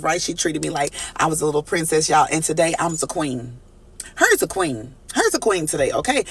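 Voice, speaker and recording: Fast, high-voiced man reading tarot. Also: slightly rough. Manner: animated, profane, preachy, addresses viewers as y'all and baby; breaks into sing-song phrases. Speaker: tarot reader. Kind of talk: casual tarot reading to viewers.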